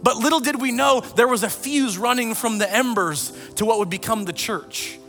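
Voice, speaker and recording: High-voiced bright pastor preaching. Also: male voice, normal speed, faint music behind. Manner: animated storytelling, quoting scripture. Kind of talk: sermon. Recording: long reverb of a large hall.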